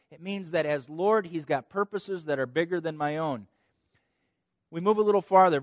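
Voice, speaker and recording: Male pastor, sermon delivery, animated storyteller, fairly high voice, dry recording. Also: no room sound. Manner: animated storytelling, repeats words at phrase starts.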